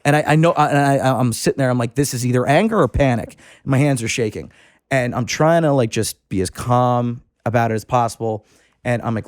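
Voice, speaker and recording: A man's voice: medium pitch, brisk, no echo, clean studio sound. A man who is a fishing club member, a podcast guest telling a rambling, profane anecdote with frequent restarts. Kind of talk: casual storytelling.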